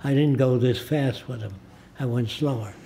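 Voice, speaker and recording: Speaking in a mid-range, gravelly voice with a dark tone, this American man in his nineties tells stories as a guest in a studio interview. He is a deliberate storyteller who performs the people in his anecdotes, and there is slight background noise.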